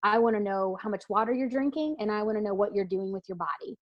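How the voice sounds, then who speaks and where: A woman's voice: mid-range voice, quick pace, highs cut off. A woman weight-loss coach answering interview questions in a casual, earnest, emphatic way, with frequent fillers and restarts.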